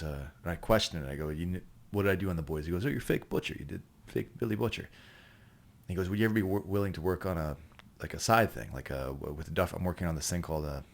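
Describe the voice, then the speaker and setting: A man, a podcast guest from Canada, telling a rambling, profane story in casual chat and breaking into loud laughing bursts. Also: low-pitched, creaky.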